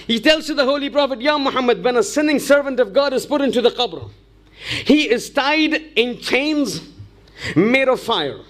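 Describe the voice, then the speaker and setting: A man with a strikingly high voice delivers a religious lecture. He tells the story step by step and stacks up rhetorical questions to press each point home. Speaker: Islamic preacher.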